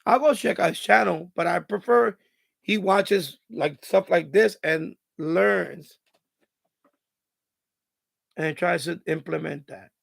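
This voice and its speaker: A man hosting a live stream in casual chat, his voice raspy and hoarse from hours of talking, giving rambling advice full of "you know" and restarts. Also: sits high, slow pace, pauses often, no echo, clean studio sound.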